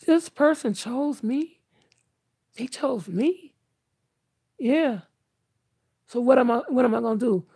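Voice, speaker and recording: A woman's voice: on the high side, expressive, moderate pace, vocal fry, pauses often, darkish tone, breathy edge, dry recording. An older woman talking candidly to her viewers in an earnest, emphatic, outspoken way. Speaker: vlogger.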